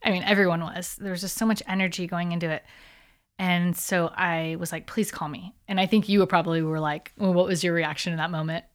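A woman's voice: fairly low pitch, fairly quick. Woman telling a personal story, restarts often. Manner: animated storytelling with many fillers and restarts. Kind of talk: casual chat, personal story.

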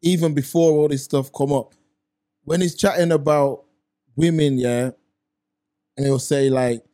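A young man co-hosts a casual chat show, talking through his points with everyday examples. His voice is mellow and warm, pitched a touch high for a man. He sounds relaxed and easygoing. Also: measured pace. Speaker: podcast co-host.

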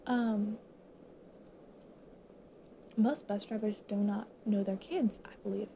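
A young woman in her late teens, a high school student, choked up and teary as she talks to viewers in a halting, emotional monologue full of pauses that keeps dropping into whispers. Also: fairly even intonation, gravelly, mellow, slight background noise.

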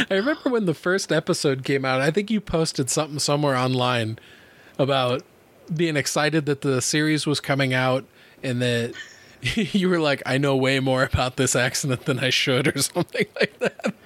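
With a mid-range voice at a normal speed, this thirtysomething podcast host tells stories animatedly and casually, laughing a lot and cursing freely.

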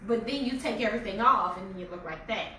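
A woman's voice: mid-range voice, fast, pushed and bright. A woman co-hosting a casual podcast chat, mostly chiming in with short agreements. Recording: distant roomy mic with room noise.

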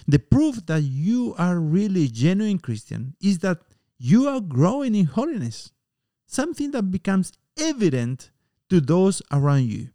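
A man preaching a sermon in an earnest, emphatic way, pausing often and sometimes using fillers. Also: high-pitched, very animated, dark tone, no room sound, clean studio sound.

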